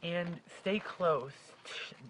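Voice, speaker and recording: A man's voice: fairly high pitch, very slow, a bit bright, a little hiss or hum, poor audio. A young man in his late teens speaking in an earnest, heartfelt way, with a stutter and frequent restarts. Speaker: vlogger. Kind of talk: personal advice vlog.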